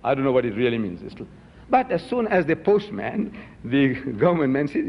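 A Muslim lecturer delivers an emphatic public talk, firing rhetorical questions at his audience in a medium-pitched voice with big pitch swings and a fairly quick pace. The recording is dull and the hall is reverberant.

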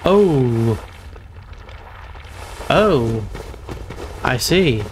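A man's voice: medium pitch, animated, very slow, a little hiss or hum. A young man giving live gameplay commentary on his first playthrough, exclaiming and groaning at his own mistakes. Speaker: gamer streaming a first playthrough.

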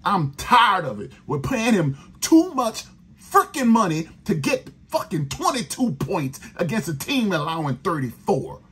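A man's voice: high voice, sing-song, measured pace, fairly bright tone, breathy edge. A man, hosting a sports podcast, venting in a profane, exasperated rant about his team. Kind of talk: angry fan rant.

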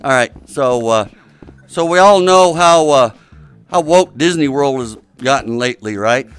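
A man's voice: medium pitch, lively intonation, clear, resonant tone, faint music behind. A man telling long rambling jokes in a casual online hangout, with lots of hesitant uhs. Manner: rambling, drawn-out delivery with many uhs. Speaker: joke teller in an online game lobby.

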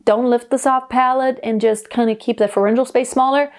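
Female vocal coach, pitch a touch high, calm step-by-step explainer for a singing lesson. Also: a little fast. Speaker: voice teacher.

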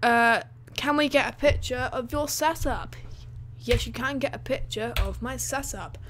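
A woman chats through a gaming livestream, hyper and talkative, her voice sitting a little high. She fills her talk with likes and ums. Faint keyboard typing can be heard behind her. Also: measured pace, noisy background. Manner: hyper, chatty, many fillers. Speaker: gaming streamer. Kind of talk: excited livestream chat.

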